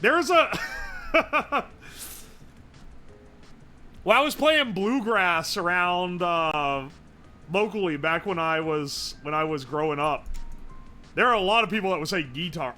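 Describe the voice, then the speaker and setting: A man rambles through a casual live-stream chat, swearing freely and answering viewers as he goes. His voice sits high and sounds bright and forward. Faint music plays underneath. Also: animated, slow, long pauses.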